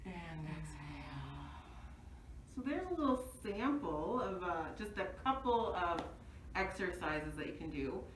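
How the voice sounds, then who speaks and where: A woman's voice: mid-range voice, animated, normal speed, far from the mic, a little hiss or hum. A woman teaching laughter yoga, cheerfully guiding exercises with rhythmic ho-ho-ha-ha laughing. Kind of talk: leading laughter exercises and being interviewed. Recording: echoey room, voice from off-mic.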